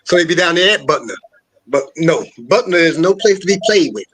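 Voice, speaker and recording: A man's voice: on the high side, animated, fairly quick, crowd noise. A man on a casual podcast chat, talking emphatically and with a lot of cursing, insisting everyone listen. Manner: emphatic and profane, insists the listeners pay attention.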